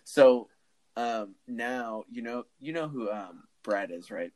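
Lively young man telling stories. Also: medium pitch, slow pace. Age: 20s. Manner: animated storyteller who acts out the people he quotes. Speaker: podcast co-host. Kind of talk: casual podcast chat.

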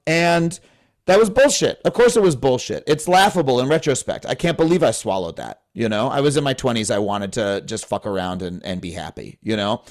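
A man in his thirties, a comedian guest on a podcast, talking in an impassioned, profane, rambling way. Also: medium pitch. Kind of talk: animated podcast conversation.

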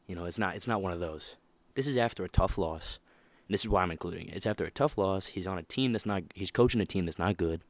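Deep-voiced young man hosting a podcast. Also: fast, no echo. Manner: animated, emphatic, laughs often. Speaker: podcast host. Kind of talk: casual motivational monologue.

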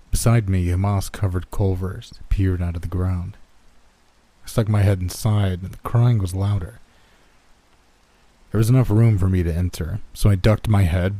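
Brief: low, dark-toned male narrator for a horror story, slow and hushed.

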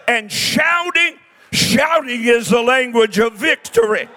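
A preacher in his sixties with a very high, bright voice, shouting his sermon in slow, drawn-out bursts. He shouts and exhorts the crowd over faint music in the background. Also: lively intonation. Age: 60s.

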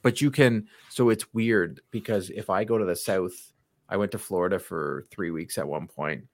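A man's voice: deep voice, normal speed, dry recording, clean studio sound. Chatty man with a slight Canadian accent. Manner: rambling, animated storyteller. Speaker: podcast co-host. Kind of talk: casual chat.

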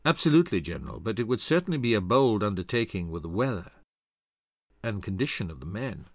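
A man's voice: lowish voice, sing-song, a little fast, no echo, studio quality. A man doing a deferential, doubtful general. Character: cautious, doubtful army general.

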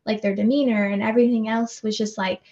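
Bright-pitched chatty woman, dull audio. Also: little pitch movement, quick pace. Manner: chatty, laughs easily, many fillers. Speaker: podcast co-host, mother, military spouse. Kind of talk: casual chat.

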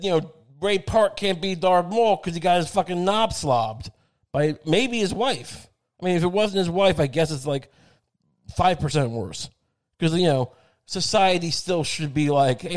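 Rambling, foul-mouthed man ranting. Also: on the high side. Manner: crude, rambling, digressive, lots of fillers and swearing; puts on mocking voices for quoted people. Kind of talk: rambling profane comedic rant.

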